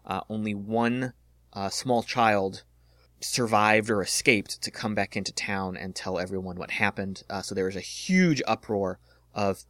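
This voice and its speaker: A man's voice: fairly low pitch, no room sound, clean studio sound. A man narrating a tabletop role-playing session as game master, with plenty of ums and uhs. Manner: relaxed, filler-heavy narration.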